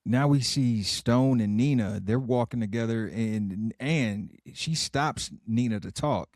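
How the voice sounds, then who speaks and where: A man's voice: mid-range voice, slow pace, a little mellow, no room sound. A man co-hosting a podcast, recapping a TV episode in casual chat with dry one-liners. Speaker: podcast co-host.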